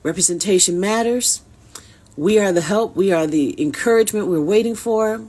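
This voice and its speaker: A woman's voice: mid-range voice, moderate pace, a little mellow. A woman from Detroit, telling a heartfelt personal story straight to her viewers. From Detroit, USA. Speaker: actress sharing a personal story. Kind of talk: casual inspirational storytelling.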